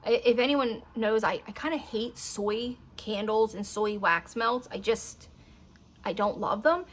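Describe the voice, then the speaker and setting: Chatty thirty-something woman vlogging at home, a bit high, wanders off topic a lot. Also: measured pace. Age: 30s. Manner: chatty, rambling, talks to her dogs mid-sentence. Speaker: beauty vlogger. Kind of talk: casual chat.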